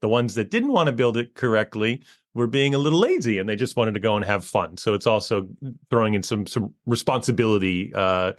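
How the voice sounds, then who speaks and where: A man in his forties talks in a relaxed, rambling way, his lowish voice full of fillers as he explains his work. He is close on a microphone in a dry, dead-sounding space. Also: brisk, no room sound. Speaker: guest, educational comic author. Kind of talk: casual interview talk. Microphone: close podcast mic.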